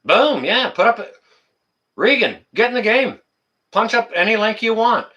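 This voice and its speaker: Male livestream host, a little high-pitched, bright tone, indignant casual ranting. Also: measured pace, dull audio. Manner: animated, talks to chat viewers by name; indignant, rants and repeats phrases.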